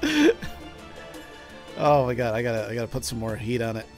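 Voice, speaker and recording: A young man hosting a casual multiplayer game session, excitable, swearing and laughing at the game. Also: medium pitch, fairly quick, soft background music. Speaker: gaming channel host. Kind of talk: casual multiplayer let's-play chat.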